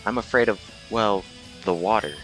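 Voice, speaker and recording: A man's voice: lowish voice, moderate pace, fairly bright tone, faint music behind, lightly acted, rough recording. A man doing a nervous young woman student. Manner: nervous, stammering. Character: timid young woman student, afraid of water.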